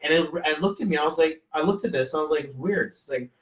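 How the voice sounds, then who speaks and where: A man's voice: on the high side, fast, far from the mic. A man hosting a casual live stream as a business coach, rambling and hypey, often slipping into quoted voices. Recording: echoey room, voice off-mic.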